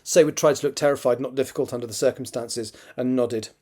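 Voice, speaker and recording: A man, the author, reading his own novel draft aloud in a steady storytelling manner and now and then correcting a slip. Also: mid-range voice, fast. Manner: steady storytelling read with occasional self-corrections.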